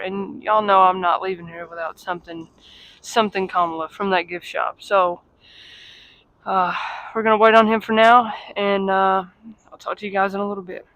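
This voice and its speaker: A woman vlogging casually to her phone, chatty and self-deprecating, at times out of breath from walking fast outdoors in the cold. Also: mid-range voice, fairly bright tone, low-quality recording. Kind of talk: casual travel vlog to camera. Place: outdoors on cold city streets.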